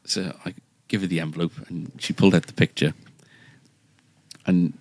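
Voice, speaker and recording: A man's voice: low voice, fairly even intonation, moderate pace, darkish tone, no room sound. A man telling a rambling, self-deprecating story in a casual chat, with many restarts. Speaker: guitar shop staff member.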